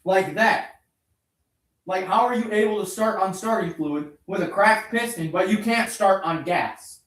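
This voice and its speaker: A man's voice: high voice, unhurried, fairly bright tone, echoey room. A man ranting angrily and sarcastically at a motorbike engine that won't start, swearing constantly and a bit out of breath. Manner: angry, profane, sarcastic rant at an engine. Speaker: vlogger working on a motorbike. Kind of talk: ranting to the camera while wrenching.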